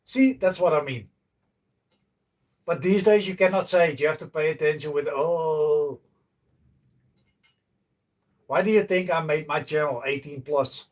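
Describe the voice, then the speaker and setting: A man's voice: fairly high pitch, moderate pace, distant mic. A man chatting to viewers on a casual livestream, blunt and joking, swearing freely. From Netherlands. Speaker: livestreaming host. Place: outdoors by a canal.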